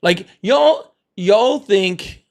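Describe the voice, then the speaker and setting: Guy rambling on a livestream, kinda high voice, keeps laughing and repeating stuff. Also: animated, drawn-out words, gravelly. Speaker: livestream host. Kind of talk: casual livestream chat.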